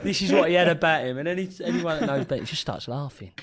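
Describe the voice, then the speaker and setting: A man's voice: fairly high pitch, fast, a loud crowd. A man, a podcast co-host, telling stories in casual chat, laughing and acting out quotes. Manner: animated, laughing, acts out quotes. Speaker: podcast co-host and former footballer.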